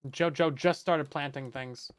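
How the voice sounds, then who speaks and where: A Minecraft let's play host chats casually while building, talking to his chat and poking fun at himself. His voice sits fairly high, with a steady tone and measured pace.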